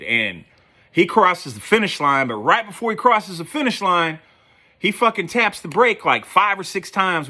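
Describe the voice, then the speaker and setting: A man's voice: a little high, bright, forceful tone. A man telling a rambling, profane story in a casual storytelling style, with lots of fillers. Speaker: podcast host.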